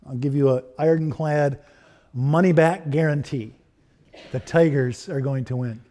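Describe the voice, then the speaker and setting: A man's voice: fairly high pitch, unhurried, mellow. Middle-aged man preaching with rising questions. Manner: rhetorical questions, rising emphasis. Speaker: pastor. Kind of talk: sermon.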